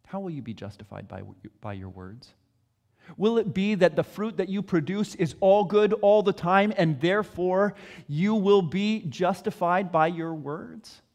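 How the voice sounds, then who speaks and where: A man preaching a sermon, earnest and questioning, with measured pauses. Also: high-pitched, animated, darkish tone, long reverb tail. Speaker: pastor.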